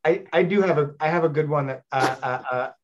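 A man in his thirties, a stage actor, telling casual anecdotes in a rambling, animated way. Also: fairly high pitch, a little fast, dull audio, noisy background. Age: 30s. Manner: rambling with frequent fillers and restarts, animated storyteller.

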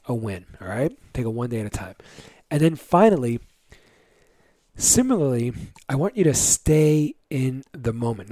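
A man's voice: medium pitch, dark tone, dry recording. A man in his thirties talking candidly and casually, giving motivational advice to other fathers with many fillers. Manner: candid and conversational, lots of fillers.

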